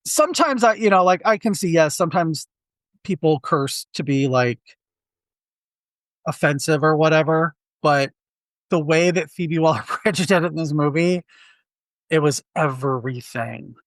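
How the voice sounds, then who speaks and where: A man co-hosting a relaxed movie review podcast talks at a measured pace in a fairly high voice, with no room sound. He spins animated stories, restarting often and acting out the quotes.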